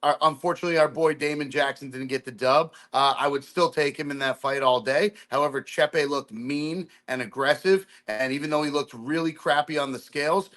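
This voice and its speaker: Halting, stumbling male co-host. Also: on the high side, fairly bright tone. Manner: halting, with many fillers and restarts. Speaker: podcast co-host. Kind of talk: casual podcast chat.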